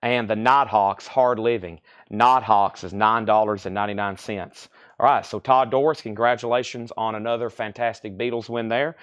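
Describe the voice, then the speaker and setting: A man's voice: on the low side, steady tone, a bit bright, clear, resonant tone. Man running a live record sale. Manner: brisk, businesslike listing of titles, grades and prices, greets bidders by name; casual and chatty with viewers. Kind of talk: live-stream sales patter.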